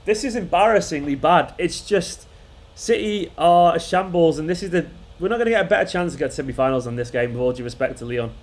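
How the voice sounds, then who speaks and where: A man's voice: a little high, animated, fast, hardly any pauses. A man hosting a football fan channel, reacting live to a match in an exasperated, swearing rant that keeps repeating itself.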